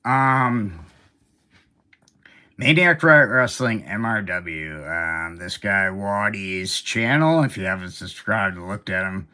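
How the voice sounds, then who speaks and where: Bright-voiced rambling man chatting. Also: deep voice, slow pace. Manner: rambling and animated, with fillers and side remarks. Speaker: host. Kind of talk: casual chat about toy collecting.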